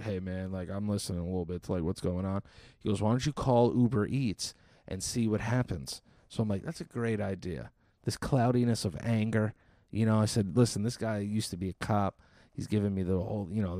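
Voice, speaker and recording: A man in his thirties telling a profane, exasperated comic story as a podcast host, quickly acting out the people in it. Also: low-pitched, darkish tone, dry recording. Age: 30s. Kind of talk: solo comedic storytelling.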